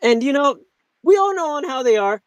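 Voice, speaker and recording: A man's voice: very high-pitched, lively intonation, brisk, dry recording, rough recording. A man hosting a live talk radio show, delivering a heated, profane monologue full of restarts and asides.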